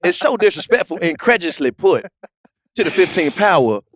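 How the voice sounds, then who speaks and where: A man doing an impression of a smooth-talking, pompous man who piles up long fancy words. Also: sits high, very animated, brisk, fairly bright tone, no echo, clean studio sound, exaggerated voice. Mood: grandiloquent.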